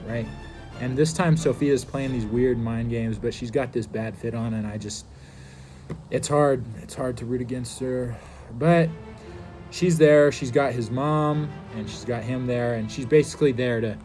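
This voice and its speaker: A man's voice: medium pitch, mellow. A man casually recapping a TV episode, rambling loosely with many fillers. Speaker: TV show reviewer.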